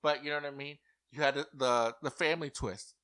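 An animated man co-hosting a casual reality TV chat, his voice bright and forward. He often jumps into exaggerated high impressions of contestants, then drops back to his everyday tone. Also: brisk, no echo, studio quality. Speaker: podcast co-host.

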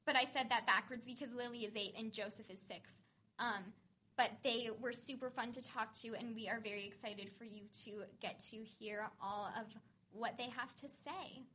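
A woman co-hosting a podcast with a very high, bright voice. She talks in quick, bubbly, teasing banter and asks her guests question after question. Her easy chat often quickens when she gets excited. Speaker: podcast co-host.

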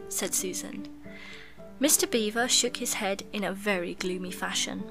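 A woman hosting a podcast, reading a children's book aloud in a clear, gentle storytelling voice. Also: mid-range voice, steady tone, normal speed, soft background music. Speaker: podcast host and reader.

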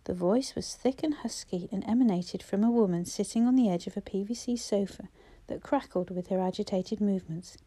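Mellow-voiced woman narrating a novel. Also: medium pitch, brisk, hardly any pauses, breathy edge. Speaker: audiobook narrator. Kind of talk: scripted narration.

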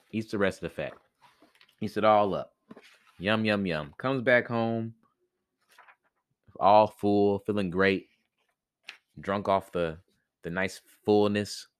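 A man's voice: lowish voice, no room sound, studio quality. A man casually retelling a fairy tale for a podcast, rambling and slangy with many fillers. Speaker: podcast storyteller.

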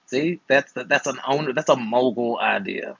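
A man's voice: medium pitch, moderate pace, gravelly, fairly bright tone, breathy edge, highs cut off. A man in his twenties, an uncle hosting a channel, chatting casually and playfully with slangy, teasing advice. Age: 20s. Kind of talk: casual chat while gaming.

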